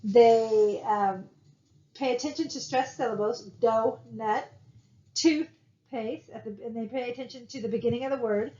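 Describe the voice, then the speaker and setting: A woman's voice: a little high, brisk, dark tone. A woman giving a recorded college lecture in a casual, conversational way, with frequent fillers and "right?" tag questions. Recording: dull lo-fi recording.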